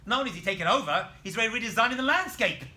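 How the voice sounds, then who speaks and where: A man voicing an angry, exasperated ancient king in loud, incredulous outbursts. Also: mid-range voice, brisk, voice pushed down, lightly acted.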